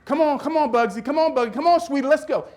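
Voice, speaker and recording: A high, loud, sweet-talking mother calling out pet names to her son, put on by a male speaker. Her coaxing voice carries far as she urges him up. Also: very animated, fairly quick. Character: doting mother cheering her son, sugary.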